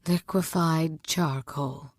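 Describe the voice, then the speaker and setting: A woman reading a storybook and voicing a calm, steady female healer who teaches in a low, quiet voice. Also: slow, no echo.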